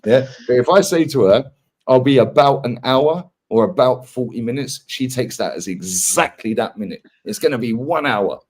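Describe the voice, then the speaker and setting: Slangy London bloke, husky laughing storyteller. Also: male voice, medium pitch, lively intonation, moderate pace, a little mellow. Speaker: podcast host. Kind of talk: casual banter.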